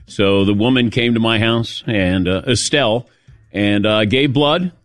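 A man hosting a sports talk show tells a self-deprecating story with lively energy, acting out the quotes as he chats casually into a studio mic. His voice sits on the low side and his pace is unhurried, with no room sound at all.

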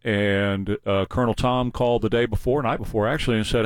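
A man's voice: lowish voice, steady tone, quick pace, few pauses, clear, resonant tone, no room sound. Chatty male talk show host. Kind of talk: casual talk show chat.

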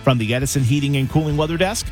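A man's voice: medium pitch, racing, a little mellow, soft background music. A man delivering a scripted radio weather forecast in an upbeat, reassuring tone. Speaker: meteorologist.

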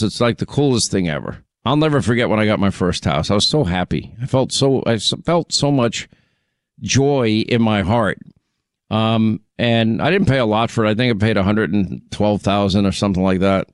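Man, middle-aged, radio host, smooth resonant voice, dry close sound, chatty, teasing. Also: on the low side, dry recording. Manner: chatty, reminiscing, teasing callers. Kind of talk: casual call-in chat.

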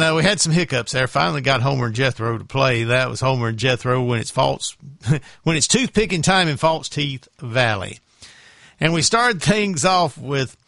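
A man hosting a morning radio show, chatting in a relaxed, folksy, easygoing way between records. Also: mid-range voice, gravelly, dry recording, clean studio sound. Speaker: radio host. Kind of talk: casual radio chat. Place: radio studio.

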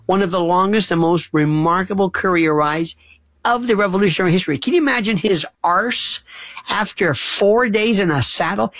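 A man's voice: sits high, fairly bright tone, no room sound. A middle-aged man hosting a late-night call-in radio show, rambling through emphatic rhetorical questions. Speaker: radio talk show host.

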